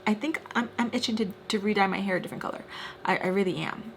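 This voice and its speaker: A woman's voice: mid-range voice, fast talker, slight background noise. A young woman vlogger telling a dramatic storytime while doing her makeup, chatty and full of "like".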